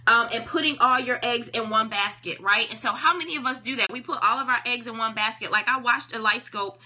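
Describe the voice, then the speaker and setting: A woman with a bright, forceful, highish voice hosts a live-stream book discussion, reading from a self-help book at a fairly quick pace. Her delivery is conversational yet preacherly, and she keeps checking in with "right?"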